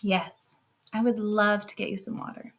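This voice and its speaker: A woman's voice: mid-range voice, steady tone, moderate pace, a bit bright, lightly acted. A woman voicing a sweet, kind young girl who sounds eager and helpful.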